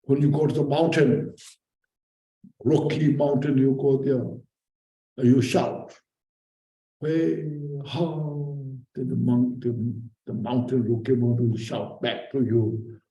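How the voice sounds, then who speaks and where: Man, Buddhist teacher, dharma teaching, short halting phrases, very dark mellow tone, roomy echo. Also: mid-range voice, steady tone, lo-fi sound.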